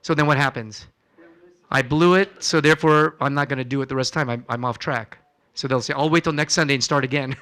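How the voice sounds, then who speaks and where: In a church hall, a man who is a physician delivers a conversational wellness-seminar lecture on health, questioning the crowd and dramatizing patient talks. He speaks at a quick pace in a mid-range voice that is fairly bright, clear and resonant.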